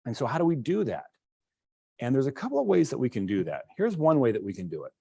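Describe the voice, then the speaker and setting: A male instructor lectures to a class, talking through his code as he demonstrates it and restarting phrases as he thinks. His voice sits at a middle pitch. The sound is dry and close, with no room echo. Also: sing-song, racing, gravelly, warm tone, breathy edge.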